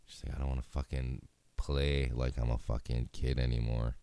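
A man's voice: rumbling low, level tone, normal speed, gravelly, warm tone, clear, resonant tone, no echo. A young man hosting a solo podcast, talking in a laid-back, rambling way and swearing constantly. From Hawaii. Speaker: podcast host. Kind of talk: casual solo podcast chat.

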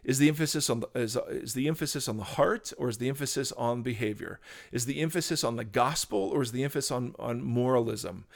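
A man's voice: medium pitch, fast, vocal fry. Man, earnest, preachy, casual teaching chat, frequent restarts. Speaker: podcast co-host, pastor.

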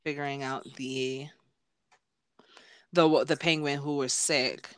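A young woman co-hosting a podcast, recapping chapters in casual chat with animated retellings. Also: a bass voice, slow pace, smooth, no echo. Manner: animated retelling with playful quoted voices. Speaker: podcast co-host.

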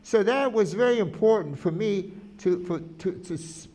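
High-voiced man, animated interview talk. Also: moderate pace. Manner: animated, restarts often, quotes people he filmed. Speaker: filmmaker being interviewed. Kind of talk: conversational interview.

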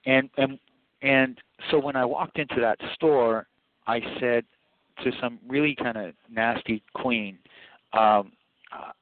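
A filmmaker, interviewed casually, spins long rambling stories full of laughter and acted-out quotes. He talks slowly in a medium-pitched voice with fairly even intonation. There's no room sound, and the audio is dry and tinny, like a phone line.

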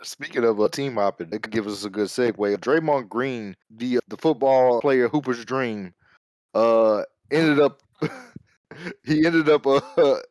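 Brief: male sports podcast host, dry close sound, relaxed topic-steering. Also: mid-range voice, measured pace, no echo. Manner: laid-back, laughs while steering topics. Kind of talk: casual sports chat.

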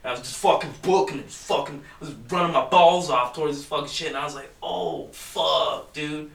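A man's voice: a little high, quick pace. A young man telling a rambling, profanity-filled story in casual chat with friends. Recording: echoey room from far off.

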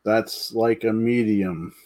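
A man hosting a casual podcast, chiming in with brief reactions and slow remarks. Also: lowish voice, fairly even intonation, mellow. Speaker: podcast host.

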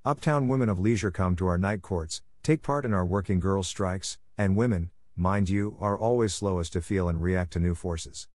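A man reading the part of a calm, hopeful woman probation officer, speaking steadily and reasonably. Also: low-pitched, normal speed, hardly any pauses, dry recording, studio quality, close to an everyday voice. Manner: steady, reasonable, quietly firm. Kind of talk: audiobook character reading.

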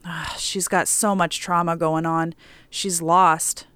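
A woman's voice: on the low side, little pitch movement, takes it slowly, fairly bright tone, clear, resonant tone, no echo. A woman voicing a blunt, protective young man, tired and plain-spoken, in an audiobook story. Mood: weary.

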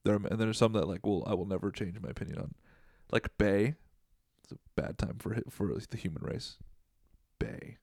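A man's voice: lowish voice, a little fast, gravelly, a little mellow, no room sound, clean studio sound. A young man co-hosting a podcast in casual chat, rambling and joking as he jumps from topic to topic. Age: young adult. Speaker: podcast co-host.

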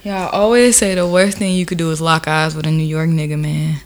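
A young woman chatting casually as a co-host, animated, laughing often and swearing freely. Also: deep voice, brisk. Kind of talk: casual chat.

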